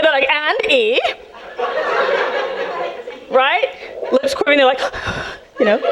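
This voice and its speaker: A woman from South Central Los Angeles doing a stand-up comedy set, sassy and animated, acting out the people in her stories. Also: high-pitched. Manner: sassy, animated, acts out characters. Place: comedy club stage with audience. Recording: live club, loud crowd laughter. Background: audience laughing.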